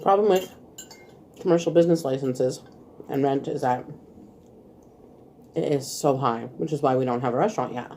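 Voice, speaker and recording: A woman with a low, mellow voice chats casually between bites. She talks to viewers in an easy mukbang style, laughing often. Faint clinks of cutlery and dishes sit behind her. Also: normal speed, long pauses, a little hiss or hum. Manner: chatty, eating while talking, laughs often. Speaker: vlog host.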